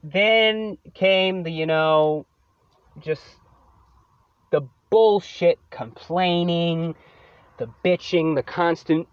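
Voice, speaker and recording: A man's voice: a little high, takes it slowly, clean tone, no room sound, highs cut off. A man hosting his own podcast, venting about a coworker in a profane, sarcastic solo rant. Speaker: podcast host.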